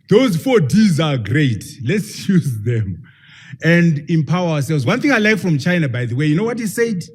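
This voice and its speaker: A husky-voiced man lectures a live audience with real drive. His pitch is fairly high and swings widely as he leans on key points. He keeps throwing rhetorical questions at the room. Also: very animated, moderate pace. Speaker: professor giving a public talk.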